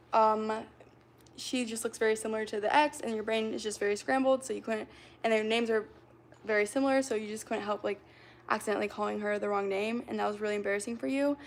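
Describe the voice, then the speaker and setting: A young woman livestreamer chatting casually with her viewers, rambling and full of fillers as she sets up acting games. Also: medium pitch. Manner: rambling, filler-heavy, talks to chat.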